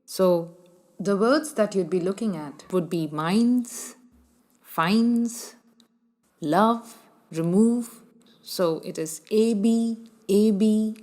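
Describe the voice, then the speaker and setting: A woman teaching a literature lesson in a measured way, explaining step by step and asking the listener questions. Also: medium pitch, a little mellow. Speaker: literature lecturer. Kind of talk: explanatory lecture.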